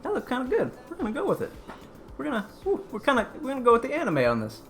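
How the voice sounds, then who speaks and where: A man's voice: very high voice, huge pitch swings, racing, fairly bright tone, faint music behind. A man hosting a casual cooking live stream, chatty and rambling as he answers chat.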